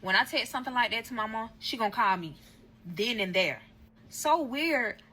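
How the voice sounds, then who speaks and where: A woman with a bright, forceful voice tells a story straight to camera in a casual vlog. She is blunt and profane, talks right to her viewers, and slips into other voices for quotes. There is faint noise behind her. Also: fairly high pitch, expressive, normal speed, low-quality recording. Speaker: storyteller recounting a breakup.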